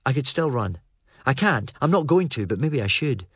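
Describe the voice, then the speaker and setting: A man narrating a first-person novel as an audiobook, in a steady, even storytelling manner. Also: medium pitch, normal speed, breathy edge, no room sound, studio quality.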